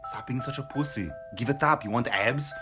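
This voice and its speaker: A man's voice: mid-range voice, brisk, music in the background. A man hosting a fitness vlog, delivering a brash, profane, mocking motivational rant.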